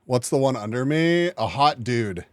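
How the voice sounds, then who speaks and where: A man's voice: mid-range voice, lively intonation, a little slow, dry recording. A man commentating casually on a live stream, laughing often and coughing between jokes. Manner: giggly, keeps laughing and joking. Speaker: streamer reacting to a video.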